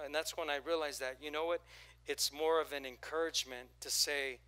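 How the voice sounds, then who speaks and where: A man's voice: on the high side, steady tone, fairly quick, sharp tone, clear, resonant tone. A man preaching a sermon as pastor, talking in a loose, storytelling way and getting the congregation to repeat lines to each other. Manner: conversational, storytelling with acted quotes and crowd prompts. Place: church auditorium.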